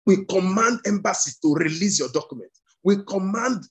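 A man's voice: high-pitched, animated, moderate pace, breathy edge. A male pastor leading a fervent prayer sermon over a video call, repeating commands and breaking into tongues. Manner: commanding, repetitive declarations; speaks in tongues between prayers.

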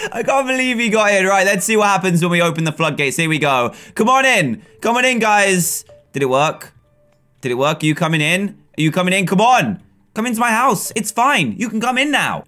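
A young man giving casual, excitable commentary as he plays a video game, laughing often and talking to the other players. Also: a little high. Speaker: gaming video host. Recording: faint game music behind.

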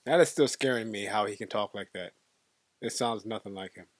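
A man's voice: lowish voice, fairly quick, a little hiss or hum. A man hosting a movie reaction, chatting casually and laughing often. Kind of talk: casual commentary. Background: movie soundtrack.

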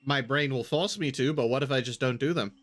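A man's voice: medium pitch, a little fast, fairly bright tone. A man streaming a game live, casually chatting with his viewers, answering their messages and often repeating himself. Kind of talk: casual live-stream chat while gaming.

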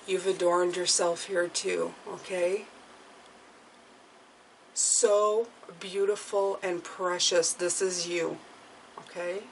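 A woman giving a tarot reading to her viewers, speaking gently and reassuringly and often checking in with "okay?". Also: lowish voice, little pitch movement, slow pace, gravelly, pauses often, a little hiss or hum, poor audio. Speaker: tarot reader.

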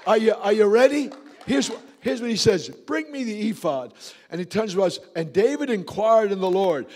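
A man preaching a sermon in a church, fervent and shouting, with quick asides to the congregation. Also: sits high, expressive. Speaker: pastor.

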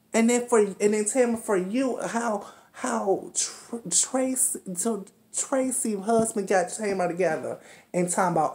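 Her pitch is fairly low and her tone a touch mellow. She rants through a reality show recap, cursing and lecturing the cast directly as if they were in the room.

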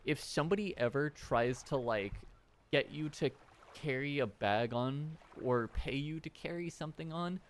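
Animated male game streamer. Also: on the high side, moderate pace. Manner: animated, swearing, chatting to viewers. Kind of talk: casual game-stream chat.

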